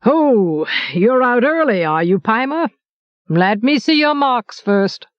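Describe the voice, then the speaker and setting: A woman reads a gruff, teasing baker journeyman, a middle-aged man who is blunt and mock-stern with his customers. The delivery is slow and unhurried, dry and close-miked on a dull, lo-fi recording. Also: a little high, expressive, no room sound.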